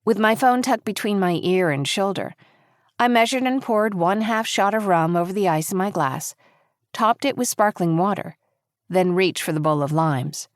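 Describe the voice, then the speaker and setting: A woman giving measured, reflective first-person audiobook narration. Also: medium pitch, dry recording, studio quality. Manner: measured, reflective, quietly intimate.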